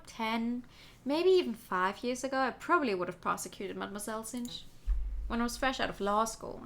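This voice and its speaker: A woman's voice: a little high, fairly bright tone, a little hiss or hum. Woman reading a reflective bird prosecutor. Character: earnest male bird prosecutor.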